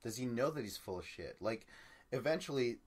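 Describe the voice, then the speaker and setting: A man's voice: mid-range voice, lively intonation, fairly quick, a little mellow. A man co-hosting a podcast, chatting casually about a reality show, rambling, repeating himself and cursing. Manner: loose and rambling, repeats words, curses. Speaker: podcast co-host. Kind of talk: casual reality-TV recap chat.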